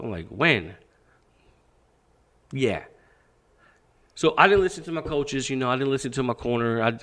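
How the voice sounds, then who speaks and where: Young male fight coach, candid and foul-mouthed, animated storyteller who acts out every exchange, medium pitch. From Pakistan. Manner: profane, animated, acts out quoted dialogue. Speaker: boxing coach, podcast guest.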